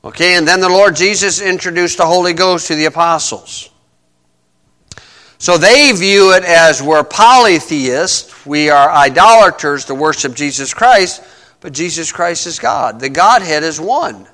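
Bright, high-voiced preacher man. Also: unhurried. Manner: emphatic, repeats key phrases, frequent "okay"; clears throat often. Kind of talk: Bible teaching sermon.

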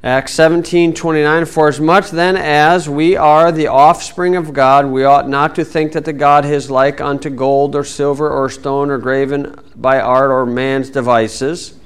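Man, preacher, folksy wry sermon, fairly high pitch, smooth clear tone. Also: level tone. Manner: folksy, wry, reads scripture slowly then speeds up. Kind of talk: Bible teaching sermon.

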